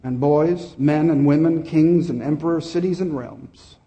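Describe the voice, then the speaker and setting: A man's voice: on the high side, unhurried, mellow. A man voicing a stern, all-powerful male lion in a story he reads aloud during a sermon. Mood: grave. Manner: grave, unbending.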